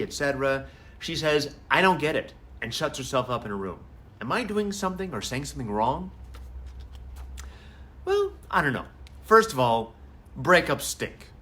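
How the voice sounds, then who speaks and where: A man, a family therapist, hosting a live advice talk in a conversational, animated way. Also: medium pitch. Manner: conversational and animated, acts out quotes.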